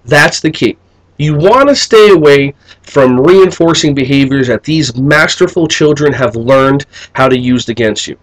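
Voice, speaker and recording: A middle-aged man, a behavior management educator, talking to camera in a video blog and telling stories in an animated way, acting out the voices he quotes. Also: mid-range voice, unhurried, poor audio. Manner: animated storyteller who acts out quoted voices.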